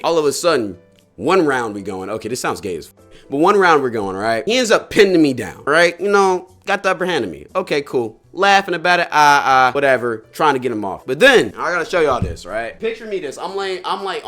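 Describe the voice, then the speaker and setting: A young male streamer with a fairly bright tone tells a funny story casually. His speech is slangy and profane, and he jumps into high yelps of disbelief.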